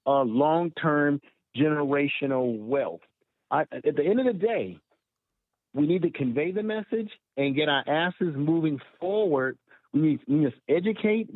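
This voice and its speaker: Male caller, emphatic and preachy, fairly high voice, tinny phone line. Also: no echo. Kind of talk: phone-in comment.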